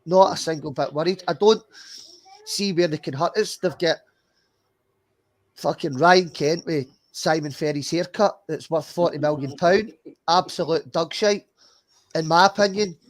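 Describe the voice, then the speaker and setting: A man's voice: fairly high pitch, unhurried. A Scottish man hosting a football podcast, talking bluntly and emphatically, with plenty of swearing and repeated words. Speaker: podcast host. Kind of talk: casual football chat.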